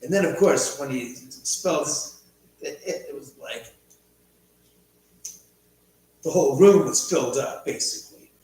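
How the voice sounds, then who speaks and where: Casually livestreaming from home, a middle-aged man spins rambling anecdotes and reads viewer comments aloud, his voice fairly high, slightly mellow, and moderately paced. The distant laptop mic in a large, echoing room yields a very echoey, faraway recording with a faint hum underneath.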